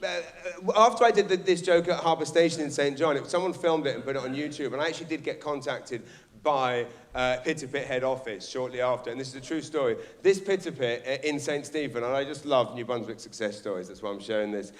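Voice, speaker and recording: A man's voice: medium pitch, fast talker. An English man performing live stand-up comedy on a theatre stage, telling brash, sweary stories with lots of energy. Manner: brash, swearing, animated storytelling.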